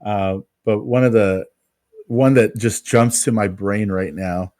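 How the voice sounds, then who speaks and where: Man telling a lively story, dry sound. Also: lowish voice, takes it slowly, no room sound. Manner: animated, self-mocking storyteller. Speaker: podcast co-host, pest control technician. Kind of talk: casual podcast storytelling.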